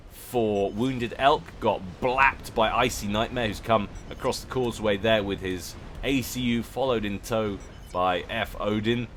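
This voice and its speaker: A man's voice: fairly low pitch, fairly bright tone. A man giving casual, jokey commentary on a strategy game match, chatty and often correcting himself. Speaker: game caster.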